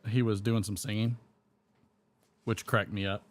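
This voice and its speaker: Puffing on a pipe during a live stream, a man with a lowish voice talks at a measured pace, his pitch barely moving. His casual chatter rambles, and he chuckles while reading out the comments from chat.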